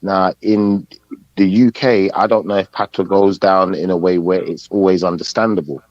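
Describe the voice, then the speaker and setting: Male podcast panelist: low voice, close dry mic, deliberate and hesitant delivery. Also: fairly even intonation, darkish tone, no room sound. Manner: measured, hesitant, searching for words. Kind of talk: casual live podcast debate. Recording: dull muffled podcast audio.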